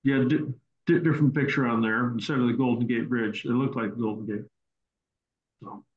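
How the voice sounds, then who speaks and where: A man's voice: medium pitch, fairly even intonation, brisk, slight background noise. Rambling male host on a roomy call. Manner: rambling, repeats words and restarts. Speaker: host answering questions. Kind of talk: casual Q&A teaching session. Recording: roomy, dull online call audio.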